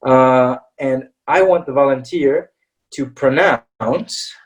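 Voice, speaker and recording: A man's voice: mid-range voice, takes it slowly, distant mic, poor audio. A man teaching English pronunciation in an online webinar, patiently checking in with his class after nearly every point. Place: online video-call webinar.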